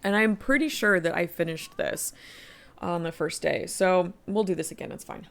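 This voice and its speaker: A woman's voice: lowish voice, moderate pace, vocal fry, a bit bright. A middle-aged woman streaming a game, chatting casually, thinking aloud and reading quest text. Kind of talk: casual live-stream commentary.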